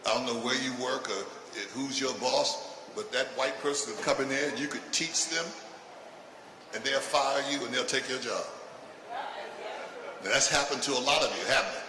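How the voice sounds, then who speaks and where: Older comedian, echoey live room. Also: male voice, mid-range voice, normal speed. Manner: provocative, punchy delivery with bursts of shouting. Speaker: stand-up comedian. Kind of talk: stand-up routine. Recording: echoey live venue from a distance with noise.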